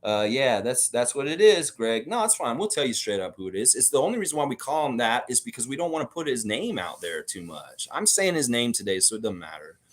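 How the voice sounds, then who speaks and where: A man's voice: medium pitch, very animated, fairly quick, hardly any pauses. A man from the Baltics hosting a sports livestream, amped up and profane as he rants and reads out chat comments. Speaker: livestream host.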